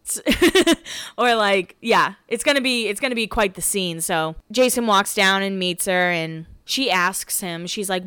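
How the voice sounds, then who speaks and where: A young woman talks into a close mic for her solo podcast, gossipy and chatty, tossing in swear words and little acted-out quotes. Her voice is bright and crisp, with a dry, close sound and no room around it. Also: medium pitch, measured pace, no echo. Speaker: podcast host recapping a reality show. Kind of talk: casual solo podcast recap.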